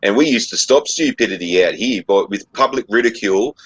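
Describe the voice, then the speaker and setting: A man's voice: lowish voice, expressive, brisk, slightly rough, no echo, poor audio. An Australian man co-hosting a podcast, ranting bluntly and swearing constantly. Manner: blunt, swearing, shouting into mock scolding. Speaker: podcast co-host. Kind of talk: profane rant.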